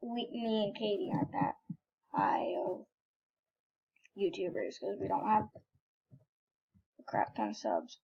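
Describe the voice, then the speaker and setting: A young woman chatting casually over her gameplay as a gaming YouTuber, rambling, correcting herself mid-sentence and breaking into sudden excited shouts. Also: medium pitch, measured pace, vocal fry, pauses often, slightly rough. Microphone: computer microphone with screen recorder. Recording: muffled lo-fi computer mic.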